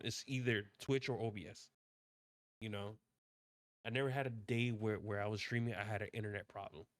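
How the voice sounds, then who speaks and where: A man with a fairly low voice talks off the cuff as a streamer, rambling and circling back over the same point. He swears freely and trips over his own restarts. The sound is dry and close. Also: no echo. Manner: rambling, repeats himself, frequent swearing and restarts. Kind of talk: casual rambling rant while drawing.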